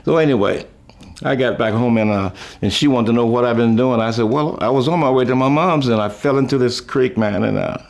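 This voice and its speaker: An older man tells stories from his past in a loose, rambling way, chuckling between thoughts and often starting a phrase over. His voice sits at an ordinary middle pitch, and it jumps up high whenever he mimics someone else. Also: brisk, vocal fry. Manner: chuckling, folksy, trails off and restarts; raises his voice high when quoting others. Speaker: musician recalling his life. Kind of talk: rambling storytelling.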